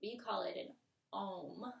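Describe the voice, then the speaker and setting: A woman leading a children's yoga lesson in a gentle, playful, encouraging way, sometimes dropping to a whisper. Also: medium pitch, slow, creaky, recorded from a distance. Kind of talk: guided kids' yoga lesson. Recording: echoey room, voice from the mic.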